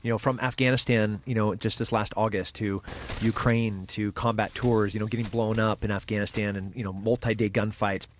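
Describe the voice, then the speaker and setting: A middle-aged man as a guest, telling a personal story in a casual interview, halting with many fillers and restarts. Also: on the low side, fairly even intonation, a little hiss or hum.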